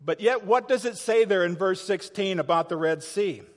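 A man with a high voice delivers a sermon from the pulpit of a church sanctuary. He retells the story dramatically and keeps putting rhetorical questions to the congregation. His voice carries a long hall reverb. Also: moderate pace. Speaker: pastor.

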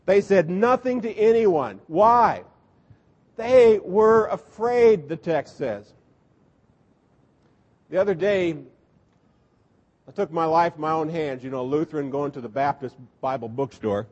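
Animated high-voiced pastor preaching. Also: male voice, a little slow, pauses often, long reverb tail, lo-fi sound. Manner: storytelling, animated, acts out voices with humor. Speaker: Lutheran pastor. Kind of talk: sermon.

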